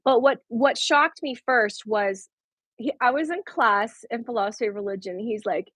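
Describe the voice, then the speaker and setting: Brief: female guest, 30s, higher-pitched, animated storyteller who laughs a lot. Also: moderate pace, dry recording, rough recording. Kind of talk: casual conversation.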